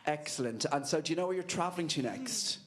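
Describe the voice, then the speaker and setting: A man's voice: on the high side, animated, quick pace. A man with a British accent interviewing, asking chatty questions full of fillers. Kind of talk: casual interview.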